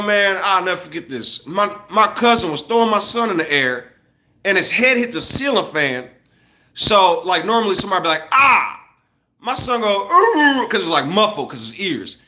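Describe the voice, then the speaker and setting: Here a thirtysomething man spins stories at home for his livestream audience, addressing them directly with lively, relaxed, foul-mouthed energy. His pitch is fairly high.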